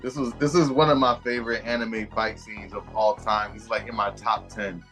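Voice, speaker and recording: A man's voice: fairly low pitch, little pitch movement, normal speed, a bit bright, soft background music. A man co-hosting a podcast in casual chat, laid-back, slangy and profane. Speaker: podcast co-host.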